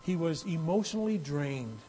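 A man's voice: a little high, lively intonation, moderate pace, mellow, slight background noise, low-quality recording. A man preaching a sermon in a conversational way that builds into emphatic, raised passages. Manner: conversational, rising to emphatic bursts. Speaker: pastor.

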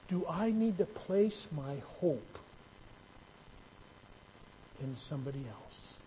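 Pastor, male, slow deliberate sermon delivery, slightly high voice, conversational with emphatic swells. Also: expressive, mellow, slight background noise, poor audio. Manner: conversational, rising to emphatic bursts.

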